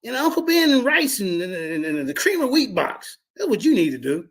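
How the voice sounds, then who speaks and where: A man hosting a show, loudly mocking and ribbing a guest over played clips, with a gravelly, husky voice. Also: extremely high pitch, sing-song, a little fast. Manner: loud, mocking, shouting in disbelief. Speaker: show host.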